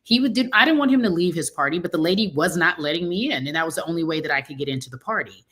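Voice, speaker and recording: A woman with a notably deep voice co-hosts a relaxed talk show. She is middle-aged and tells her stories with animation, slipping into the voices of the people she quotes. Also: very fast, slightly rough. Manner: animated storytelling, acting out quoted dialogue. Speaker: co-host. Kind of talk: casual chat.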